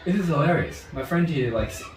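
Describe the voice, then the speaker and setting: A man's voice: on the high side, animated, brisk, faint music behind. A young man telling a story in casual conversation, rambling, swearing freely and laughing often. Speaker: martial arts instructor guest. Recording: roomy, distant mic, background noise.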